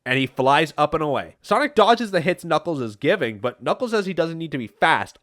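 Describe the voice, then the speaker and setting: A male podcast co-host recapping comics in casual chat, jokey and quick to laugh. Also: fairly high pitch, very animated, a bit bright.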